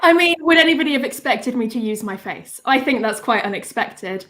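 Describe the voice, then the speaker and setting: High pitched woman on a comedy game show, dry deadpan jokes. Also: fairly quick. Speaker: contestant.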